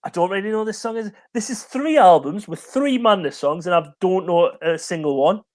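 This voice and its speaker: Casual streamer, male, tired, giggly, high voice. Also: expressive, moderate pace. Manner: chatty, giggly, rambling. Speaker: co-host of a music live stream. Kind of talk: casual chat.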